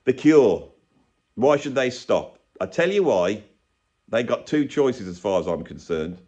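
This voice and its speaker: A man's voice: fairly low pitch, very animated, a little slow, a little mellow, breathy edge, dull audio. A man ranting sarcastically in a rambling vlog, filmed in a room with bare brick walls. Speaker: YouTuber and drummer.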